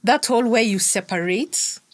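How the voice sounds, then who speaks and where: A woman co-hosting a podcast, chatting casually and telling lively stories, acting out what people said. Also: moderate pace, no room sound. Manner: animated storyteller, acts out quotes with big pitch jumps and laughs. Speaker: podcast co-host. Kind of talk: casual chat.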